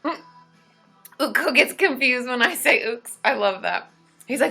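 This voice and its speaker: A woman's voice: animated, normal speed, long pauses, faint music behind. Chatty woman hosting a morning live stream. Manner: chatty, greets viewers by name, loud high whooping cheers. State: just woken up, voice still groggy. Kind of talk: casual live-stream chat reading viewer comments.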